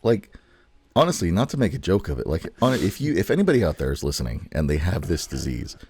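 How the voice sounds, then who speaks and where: Deep gravelly man, crude and joking. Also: big pitch swings, fast, a little mellow, slight background noise. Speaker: podcast co-host. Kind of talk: casual chat.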